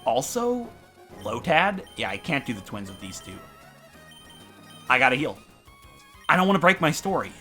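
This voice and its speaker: A man's voice: mid-range voice, very animated, normal speed, long pauses, sharp tone, soft background music. A man commentating a game playthrough while telling rambling, self-mocking stories. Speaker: gaming channel host. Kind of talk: let's play commentary with storytelling.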